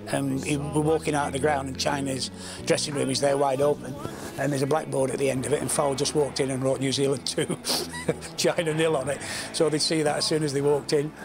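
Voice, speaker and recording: Man, slightly higher voice, easygoing anecdote about a match day. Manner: relaxed anecdotal storytelling. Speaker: former footballer. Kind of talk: retrospective interview.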